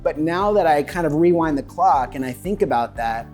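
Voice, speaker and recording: A slightly high-pitched man conducts a relaxed interview inside an office, quick with eager affirmations. Soft music sits faintly under his voice. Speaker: host, mortgage loan officer. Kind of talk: casual interview. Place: inside a real estate office.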